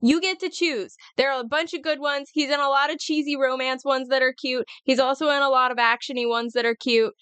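A woman co-hosting a casual podcast chat, excitable and exclamatory, swearing freely. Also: high-pitched, fairly quick, hardly any pauses, clean tone, dry recording. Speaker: podcast co-host.

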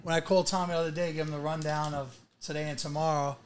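High-voiced chatty man. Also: little pitch movement, racing. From Brooklyn, New York. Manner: chatty, curious, asks questions. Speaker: podcast host. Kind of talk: casual podcast chat.

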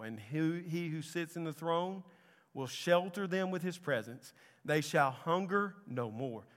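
A man preaching in a reverberant church hall, reading scripture and exhorting his congregation. His voice is smooth and resonant and sits somewhat high for a man. He swells loud and fervent on the exclamations. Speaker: pastor.

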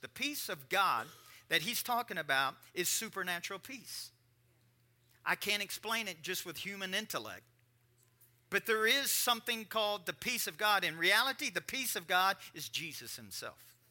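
A man preaching a conversational sermon, repeating lines and swinging between quiet and emphatic delivery. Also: sits high. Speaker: pastor.

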